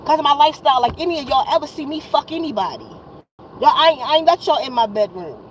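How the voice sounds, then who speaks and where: This wellness vlogger, in her fifties, speaks high and quickly with lively intonation, on a low-quality recording with a little hiss or hum. She vents to viewers in a weary, exasperated way, blunt, profane and often repeating herself.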